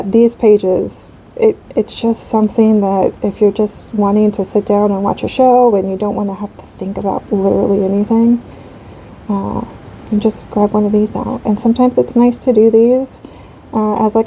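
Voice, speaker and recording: A woman's voice: mid-range voice, flat delivery, normal speed, dark tone, a little hiss or hum, poor audio. A woman in her thirties chatting casually while she colors, rambling with lots of fillers. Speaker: coloring channel host.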